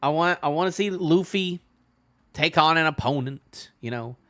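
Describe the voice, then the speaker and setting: A man hosting a reaction video in casual solo commentary, rambling and filling his talk with "you know", often trailing off in a low-key way. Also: moderate pace, fairly bright tone. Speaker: manga reaction channel host.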